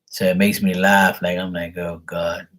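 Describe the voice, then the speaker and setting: A man's voice: low voice, level tone, moderate pace, a bit bright. A man chatting casually on a live tarot stream, rambling and exasperated, swearing freely. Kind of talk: casual livestream chat.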